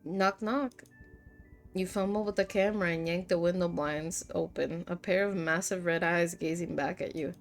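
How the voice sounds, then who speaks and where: A woman's voice: fairly low pitch, steady tone, normal speed, few pauses, soft background music. A woman streamer reading visual novel narration aloud in second person. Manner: reads narration in second person, breaks into laughs. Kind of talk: reading game text aloud.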